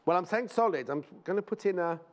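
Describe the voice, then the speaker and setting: A man's voice: high voice, animated, fast. A man presenting a live shopping show in a TV studio, chatting in rambling anecdotes and speaking fondly to viewers.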